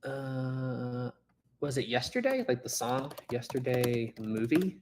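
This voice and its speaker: A man's voice: medium pitch, expressive, slow, a little mellow, slight background noise. A man chatting casually with viewers as host of a live stream, rambling and laughing easily.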